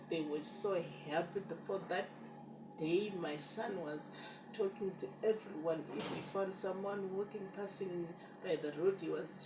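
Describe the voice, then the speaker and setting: A woman telling a personal story to her viewers, emotional and repetitive, calling them "guys". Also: on the low side. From Zimbabwe. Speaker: vlogger. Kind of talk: storytime narration. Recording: distant roomy recording with background noise.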